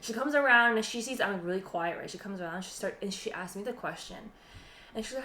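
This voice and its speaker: A woman co-hosting a casual podcast, rambling through an animated story packed with "like" and bursts of laughter. Her mid-pitched voice rings out in a roomy, echoey space, with faint ambient noise underneath. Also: quick pace. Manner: rambling, animated retelling with frequent laughs and fillers. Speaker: podcast co-host. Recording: roomy echo.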